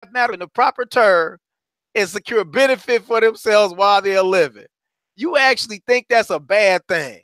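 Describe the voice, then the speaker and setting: A man's voice: high-pitched, fairly bright tone, no room sound. A man, hosting a motivational talk as a courage coach, calling listeners brothers and sisters and repeating phrases for emphasis.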